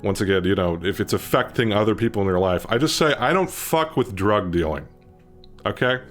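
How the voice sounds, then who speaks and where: A man's voice: fairly low pitch, fairly quick. Profane young man telling a story. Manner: animated, profane, rising to near-shouting when quoting himself. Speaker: channel host. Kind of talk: casual storytelling vlog.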